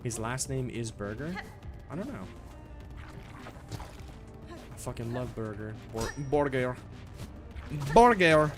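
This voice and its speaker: A man's voice: mid-range voice, expressive, measured pace, long pauses, music in the background. Rambling, profane young man streaming. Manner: rambling, profane, lots of restarts and "bro". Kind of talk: casual gameplay commentary.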